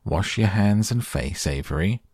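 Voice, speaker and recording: A man doing a brisk no-nonsense farm mother. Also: on the low side, lively intonation, darkish tone, dry recording, clean studio sound. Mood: firm.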